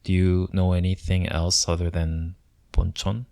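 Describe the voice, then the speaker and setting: A calm, measured man from South Korea co-hosts a relaxed podcast, asking questions as he talks. His voice is very deep, and the recording is close and dry. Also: creaky, no echo. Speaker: podcast co-host. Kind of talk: casual chat.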